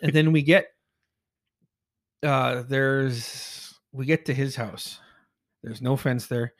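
A man at mid pitch tells a rambling story in casual chat, swearing freely and laughing as he goes. He sounds like a podcast host. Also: steady tone, takes it slowly.

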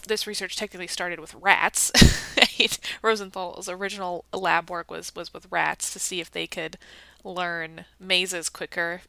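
A woman's voice: mid-range voice, gravelly, bright, forceful tone, smooth, no echo, low-quality recording. A woman talking casually as a host, explaining at length with frequent fillers and restarts. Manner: chatty, many fillers and restarts.

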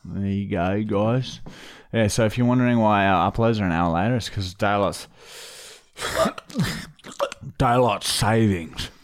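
An Australian man co-hosting a podcast, excitable and swearing freely in crude casual banter. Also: lowish voice, moderate pace, clean tone, dry recording, clean studio sound. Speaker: podcast co-host.

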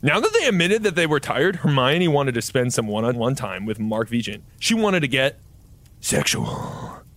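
A man's voice: medium pitch, big pitch swings, a little fast, few pauses, a bit bright, a little hiss or hum. A man reading his own parody fan fiction aloud in mock-dramatic style, adding sound effects. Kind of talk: comedic deadpan story reading.

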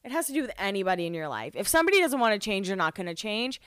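A woman's voice: mid-range voice, sing-song, racing, fairly bright tone, clear, resonant tone, no echo, studio quality. A young woman hosting a podcast, recapping a reality show in casual chat, giggly and full of "like" fillers. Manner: chatty, giggly, lots of "like" fillers.

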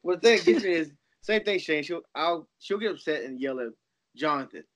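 High-voiced man joking around. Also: lively intonation, fairly quick. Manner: short joking interjections. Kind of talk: casual chat among friends.

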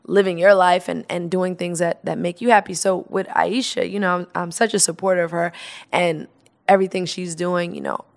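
A woman's voice: on the low side, brisk, creaky. A woman guest in casual interview chat, telling stories with laughter and acting out quoted lines. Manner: animated, laughing storyteller who acts out quotes.

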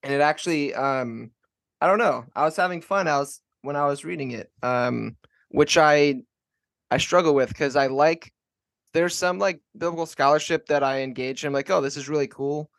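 A man hosting a podcast interview in casual conversation, rambling and halting with many fillers and restarts. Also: on the high side, creaky, a bit bright. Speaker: podcast host.

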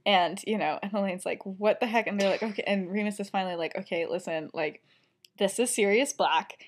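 A woman's voice: medium pitch, fairly quick. A young woman co-hosting a podcast, retelling a fan story in a casual, giggly way with lots of fillers and acted-out quotes. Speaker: podcast co-host.

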